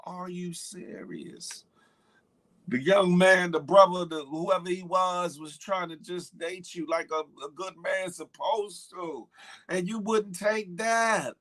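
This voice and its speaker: A man's voice: high-pitched, measured pace, a bit bright. A man hosting a morning live stream, chatting loosely in slang, greeting viewers by name and riffing on internet gossip. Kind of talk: casual live-stream chat.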